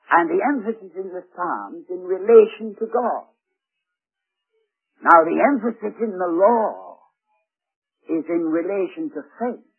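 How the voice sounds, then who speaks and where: A man preaching a sermon slowly and fervently, his voice swelling and dropping with emotion, with hesitant fillers between phrases. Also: fairly high pitch, breathy edge. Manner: slow, deliberate delivery with hesitant fillers. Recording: tinny lo-fi radio broadcast recording.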